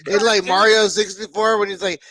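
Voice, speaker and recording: A man in a casual podcast chat, halting and heavy on swearing and fillers. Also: sits high, flat delivery, a crowd in the background.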